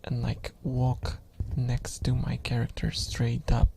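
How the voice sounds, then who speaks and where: A young man streaming soft-spoken ASMR, rambling with chuckles and slipping into whispers, close to the microphone. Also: mid-range voice, completely flat delivery, takes it slowly, vocal fry.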